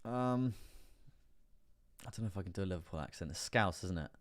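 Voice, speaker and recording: Talking fairly quickly in a low, animated voice, this man hosts a casual crypto live stream. He walks through price charts, laughs a lot, and repeats words as he goes.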